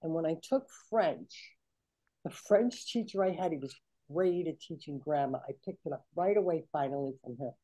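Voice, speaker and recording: Chatty older woman with a dark voice. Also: sits low, normal speed, rough recording. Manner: animated, chatty, acts out quoted voices. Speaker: guest. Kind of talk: casual storytelling chat.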